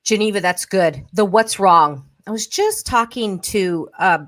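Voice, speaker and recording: A woman hosting a podcast in a lively chat, acting out quoted voices as she talks. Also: mid-range voice, unhurried. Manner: animated, acts out quoted voices. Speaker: podcast host. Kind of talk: casual podcast conversation.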